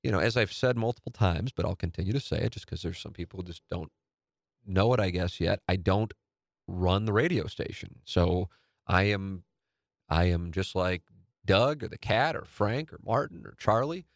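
Candid low-voiced man hosting a podcast. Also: normal speed, dry recording, clean studio sound. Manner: rambling, candid, self-interrupting, swears casually. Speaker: podcast host and radio host. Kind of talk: casual solo podcast monologue.

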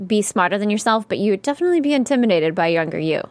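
A woman's voice: mid-range voice, lively intonation, racing, no echo. A woman from the American South chatting casually about a TV episode, thoughtful, with fillers and small stammers. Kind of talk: casual TV recap chat.

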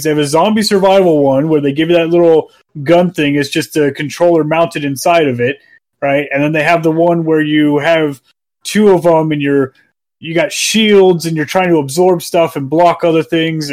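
A man co-hosting a podcast, excitable and profane, acting out scenes in casual chat. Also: fairly high pitch. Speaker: podcast co-host.

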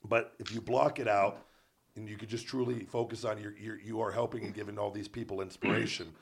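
A man's voice: lowish voice, little pitch movement, creaky. A man in his thirties hosting a podcast, speaking earnestly and encouragingly in casual chat. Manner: earnest, encouraging, quick to agree. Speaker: podcast host.

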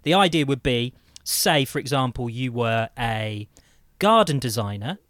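A man co-hosting a podcast, pitching an idea eagerly in casual chat with many restarts. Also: expressive, a little slow, fairly bright tone, dry recording, studio quality. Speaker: podcast co-host.

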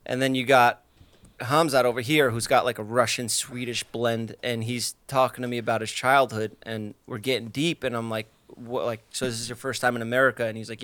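A young podcast host tells stories with loose, animated energy and casual swearing. His voice sits at an ordinary, middle pitch. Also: a little fast, no room sound. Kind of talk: casual chat and read sponsor ads.

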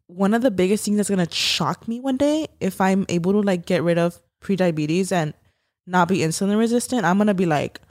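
A woman's voice: mid-range voice, fairly quick, a little mellow, no echo. Casual swearing young woman, dry sound. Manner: swearing, filler-heavy, giggly. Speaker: podcast co-host. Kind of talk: casual chat.

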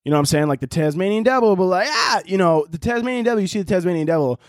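A man's voice: high-pitched, lively intonation, rapid-fire, darkish tone, dry recording, studio quality. A young man from Chicago with a Chicago accent, hosting a podcast in a rambling, profane comedic monologue and laughing often. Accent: American, Chicago. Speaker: podcast host.

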